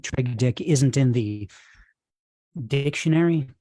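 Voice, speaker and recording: Male open-mic host, halting and courteous, dry close sound on a video call. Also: medium pitch, dark tone, no echo. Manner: halting, filler-heavy, polite. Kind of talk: hosting a virtual reading.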